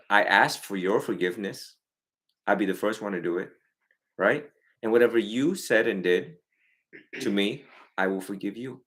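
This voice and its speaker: A man counseling a family in an animated way, getting loud and then soft, acting out parents and kids. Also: fairly low pitch. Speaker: Buddhist monk counseling a family.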